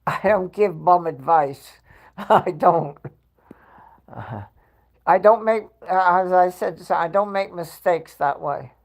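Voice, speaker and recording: A woman's voice: on the low side, takes it slowly, a little mellow. A woman hosting a casual home livestream, chatty and laughing often as she reads her chat aloud. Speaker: livestream host. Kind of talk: casual live-stream chat.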